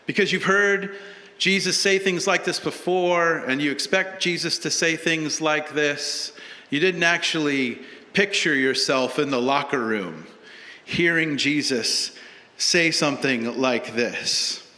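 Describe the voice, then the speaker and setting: A man's voice: fairly high pitch, slow, sharp tone. A male pastor preaching a sermon with a humorous, storytelling delivery in a church. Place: church sanctuary. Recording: long church hall reverb.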